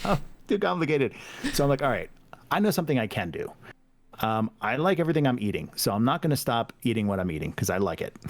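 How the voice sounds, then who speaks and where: A man, a podcast guest, talking candidly and reflectively in casual chat, acting out quoted dialogue and laughing often. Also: lowish voice. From United States.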